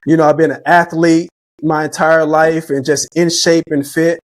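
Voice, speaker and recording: Man, middle-aged, fairly high voice, dry close sound, earnest podcast guest, reflective storytelling. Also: little pitch movement, normal speed, dry recording. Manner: reflective, faith-driven, repeats words when starting sentences.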